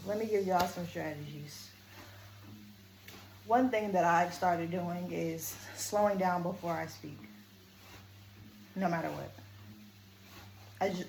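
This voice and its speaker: A woman coach talks straight to her viewers in a casual vlog, earnest and deliberate. She shifts between firm and gentle tones. Her slightly low voice rings in an echoey room with a faint hiss of ambience behind it. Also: gravelly. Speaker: vlogger and coach. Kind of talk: casual talking-to-camera vlog.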